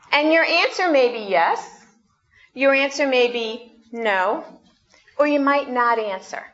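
A woman pastor preaching slowly and conversationally, asking the congregation questions, in a dull, muffled recording. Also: high voice, animated, a bit bright. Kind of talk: sermon.

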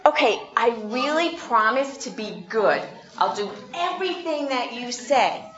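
A young child wheedling a parent for a toy, as a woman puts it on; high, whiny, pleading, slow, dull recording. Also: expressive, a bit bright. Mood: promising.

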